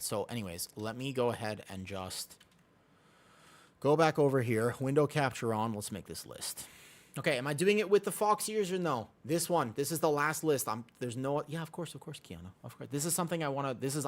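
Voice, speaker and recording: This gamer speaks briskly in an animated, mid-range voice during a live stream. He chats casually with his audience and friends, teaching as he goes, hammering points through repetition and swearing now and then.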